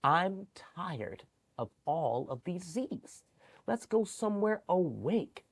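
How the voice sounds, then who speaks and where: A man voicing a restless, excited little girl who pleads with her granny in a sing-song way in a storybook reading. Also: sits high, slow, pitched above the performer's own voice, heavily acted. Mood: pleading.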